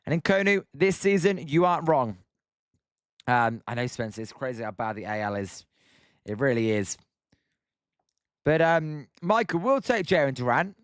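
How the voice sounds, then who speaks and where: A man's voice: medium pitch, big pitch swings, normal speed, long pauses, clear, resonant tone, no echo, clean studio sound. A young British man hosting a live stream, calling play-by-play and chatting with viewers by name. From Britain. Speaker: live stream host calling a baseball game. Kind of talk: live play-by-play commentary while reading chat.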